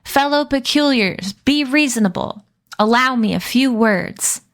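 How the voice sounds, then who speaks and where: A woman voicing a grandiose, indignant male dog who speaks slowly and imperiously, read from a novel. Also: high voice, lively intonation, a bit bright, pitched above the performer's own voice, heavily acted. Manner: imperious, orating, slow and emphatic. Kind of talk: reading a novel aloud on a stream.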